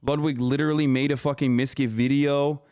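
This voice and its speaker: Male streamer in his thirties, heated profane reaction rants, smooth resonant voice, dead-dry close mic. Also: medium pitch, little pitch movement, a little fast, a little mellow, dry recording. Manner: profane, combative, ranting at his chat. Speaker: live streamer. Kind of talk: live-stream reaction commentary.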